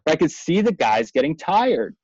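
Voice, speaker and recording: A man in his thirties telling a lively, profane story as an interview guest, full of fillers and quick laughs. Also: fairly high pitch. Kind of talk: animated storytelling. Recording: dull lo-fi dry sound.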